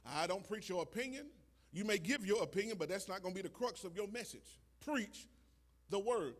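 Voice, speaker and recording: High-pitched impassioned preacher man. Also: animated, a little fast. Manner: impassioned, builds to shouting, repeats phrases; stammers and restarts, chuckles. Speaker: pastor. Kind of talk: sermon.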